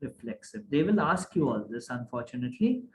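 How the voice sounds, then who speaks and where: A man's voice: mid-range voice, a little fast, a little hiss or hum. A man teaching a grammar class online, often checking that the class follows. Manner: animated, asks the class many checking questions. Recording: echoey room.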